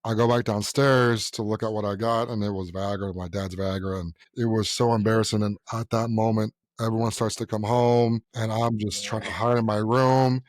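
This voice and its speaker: A man's voice: on the low side, steady tone, moderate pace, few pauses, dry recording, clean studio sound. A young man co-hosting a podcast, talking bluntly and profanely in casual chat and acting out the people in his stories. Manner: blunt, profane storyteller who acts out voices. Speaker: podcast co-host.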